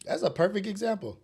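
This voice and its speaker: A man with a high, slightly mellow voice and a breathy edge hosts a solo podcast. Raised in a rough urban area, he rants bluntly and preachily through a casual monologue filled with slang and cursing.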